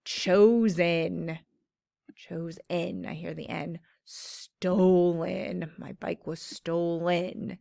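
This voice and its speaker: A woman teacher giving a slow, clear phonics lesson to children, stretching out the sounds of words. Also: fairly low pitch, steady tone, mellow, dry recording, studio quality.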